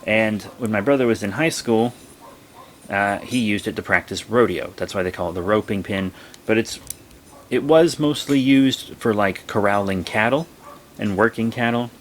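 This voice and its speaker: A young man vlogging, telling a rambling story in a casual way and breaking into high, excited exclamations. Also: normal speed, a little hiss or hum.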